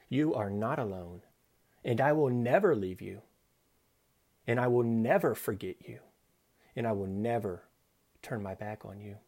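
A man's voice: medium pitch, darkish tone. Earnest man giving a devotional talk. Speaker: Christian speaker.

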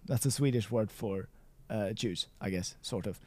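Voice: medium pitch, normal speed, dark tone, no echo. Language teacher, one-on-one lesson, playful, patient, repeats words, dry close sound.

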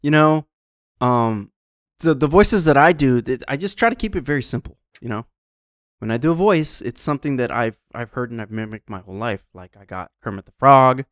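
A young man co-hosting a podcast in a relaxed, rambling chat. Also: medium pitch, a little fast, no echo, studio quality. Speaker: podcast co-host. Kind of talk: casual chat.

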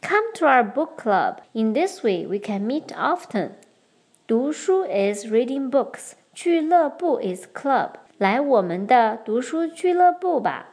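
A young woman hosting a podcast lesson, explaining Chinese patterns clearly and switching between English and Mandarin. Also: sits high, darkish tone. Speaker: podcast host and Chinese teacher. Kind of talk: bilingual language lesson.

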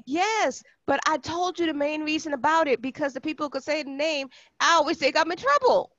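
A woman co-hosting a podcast in casual chat, blunt and teasing, quick to protest. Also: sits high, fairly bright tone, dull audio. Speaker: podcast co-host.

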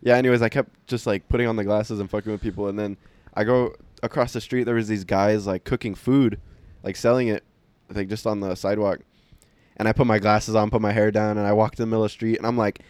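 A man's voice: on the low side, little pitch movement, fast, a little mellow, smooth, no room sound. A young man telling stories in casual chat, rambling with lots of fillers and swearing.

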